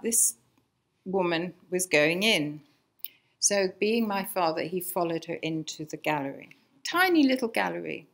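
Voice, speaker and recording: An older English woman giving a chatty, anecdotal lecture to an audience, with many fillers and restarts. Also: mid-range voice. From England. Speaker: lecturer, designer's daughter. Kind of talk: illustrated public talk. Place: archive lecture room before an audience.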